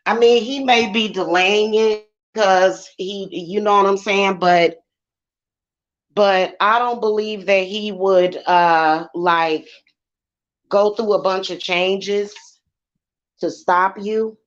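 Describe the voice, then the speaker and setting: A woman's voice: medium pitch, fairly even intonation, takes it slowly, dull audio. A woman tarot reader talking bluntly and casually on a livestream. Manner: blunt and chatty.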